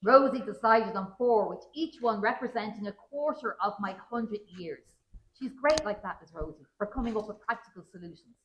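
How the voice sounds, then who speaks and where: A woman's voice: mid-range voice, a bit bright. A woman, a children's author, reading a story aloud to an audience in a wry first-person voice. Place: large roomy museum hall at a public event. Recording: roomy event hall.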